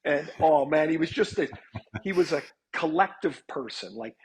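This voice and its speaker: A man's voice: a little high, expressive, moderate pace, husky, rough recording. A man in his fifties, a hockey analyst, telling stories in a chatty podcast interview, with many restarts.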